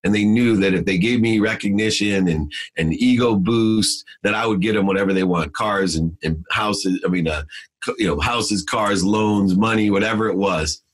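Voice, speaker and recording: A middle-aged man with a fairly low voice shares a personal story as a podcast guest. His tone has a husky, breathy edge. He stresses the big moments, his voice climbing as he relives them, and he leans on fillers and restarts as he goes. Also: normal speed, low-quality recording. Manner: emphatic, with frequent fillers and restarts; voice rises sharply when reliving moments.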